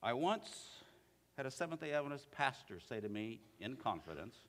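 Earnest preacher in an echoing church. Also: male voice, medium pitch, sing-song, moderate pace, a bit bright. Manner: earnest, reads scripture aloud with feeling. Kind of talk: sermon.

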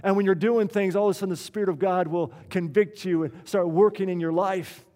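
A man's voice: high-pitched, fairly even intonation, a little fast, warm tone. A middle-aged man preaching a sermon as a pastor, earnest and asking the congregation questions. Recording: long hall reverb.

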